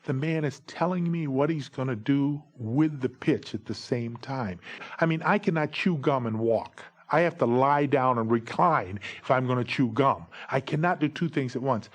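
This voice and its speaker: A man in his forties, a former baseball umpire, telling humorous stories in a lively, jokey way. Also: medium pitch. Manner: lively, jokey, breaks into shouted umpire calls. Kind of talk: humorous anecdotal storytelling.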